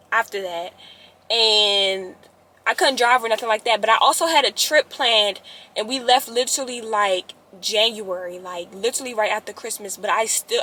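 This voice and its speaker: A young woman, telling a story to her viewers in a casual, animated way, often rising to exasperated outbursts. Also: on the high side, slightly rough. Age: young adult.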